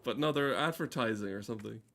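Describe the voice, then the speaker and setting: A male streamer chatting loosely over his gameplay, cursing freely and cutting himself off mid-sentence. His voice sits at an ordinary middle pitch, neither high nor low. He jokes with his chat as he plays. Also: fast talker, a bit bright. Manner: rambling, swearing, self-interrupting, joking with chat. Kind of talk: casual gaming stream commentary.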